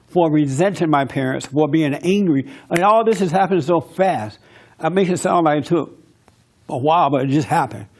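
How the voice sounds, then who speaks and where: Guy preaching on a radio talk show, earnest, keeps asking "makes sense?", kinda high voice. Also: a little mellow. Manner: earnest, preacherly, asks rhetorical questions. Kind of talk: faith-based advice talk.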